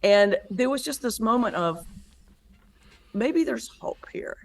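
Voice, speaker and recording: A woman's voice: fairly high pitch, slow, vocal fry. A woman pastor and comedian, a guest in a conversational interview, telling stories and acting out the voices in them. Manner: lively storyteller who acts out quoted voices.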